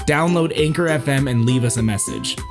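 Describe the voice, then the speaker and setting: Very low-voiced woman host. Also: brisk, over music. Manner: upbeat, promotional. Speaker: podcast host. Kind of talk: reading the show outro.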